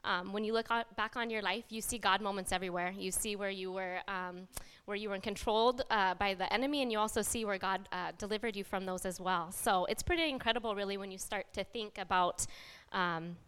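A woman's voice: mid-range voice, fairly quick, a bit bright, clear, resonant tone, big-room sound. A woman in her thirties from Washington State giving a nervous church testimony, a little shaky, with many ums. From Washington State, USA. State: slightly shaky voice. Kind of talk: personal testimony, partly read aloud. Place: church sanctuary, up front.

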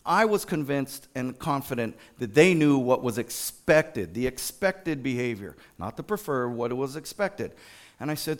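A man sharing a story in an informal church talk, animated, with many fillers and restarts. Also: medium pitch, measured pace. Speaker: school district staff sharing a testimony at church.

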